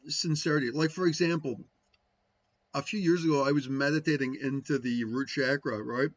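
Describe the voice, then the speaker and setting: A man's voice: medium pitch, fairly even intonation, moderate pace, dull audio. A man talking casually to his viewers about spiritual practice, rambling and tagging his points with "right?". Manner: rambling, frequent "right?" tags, musing. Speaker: spiritual teacher answering viewers. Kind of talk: casual livestream talk.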